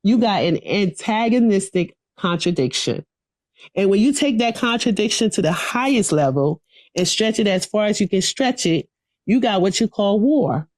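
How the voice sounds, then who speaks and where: A woman's voice: medium pitch, expressive, normal speed, darkish tone, no room sound, studio quality. A woman reciting a political speech to a class over a video call, in a rhythmic, preachy call-and-response manner. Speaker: political education speaker.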